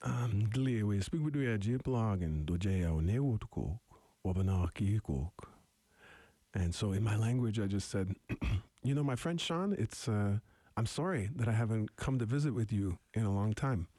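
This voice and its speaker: A young adult man from eastern Canada with a deep radio voice, talking reflectively as a musician guest in an interview, halting and restarting often. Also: expressive, dark tone, dry recording. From Wolastoqey territory, eastern Canada. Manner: thoughtful, halting, many restarts.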